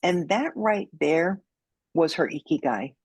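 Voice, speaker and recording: A woman's voice: on the low side, lively intonation, takes it slowly, darkish tone, breathy edge, dry recording. A woman, a judo sensei and podcast guest, telling a story vividly and acting out the quotes.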